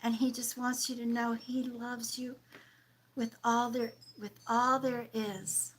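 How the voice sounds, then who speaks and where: Soft-spoken woman giving slow psychic readings. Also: on the high side, flat delivery, a little hiss or hum, rough recording. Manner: soft, affectionate, calls viewers sweetheart, drops into whispers. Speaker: psychic medium and livestream host. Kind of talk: live-stream spiritual reading.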